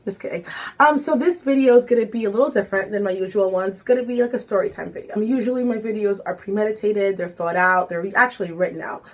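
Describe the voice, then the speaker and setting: A young woman vlogger telling a casual story-time tale, sassy and animated, with bursts of mock outrage. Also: medium pitch, fast talker, hardly any pauses.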